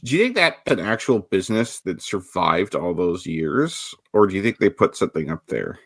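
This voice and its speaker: Lively low-voiced man co-hosting a podcast. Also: moderate pace, husky, no room sound. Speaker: podcast co-host. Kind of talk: casual podcast discussion.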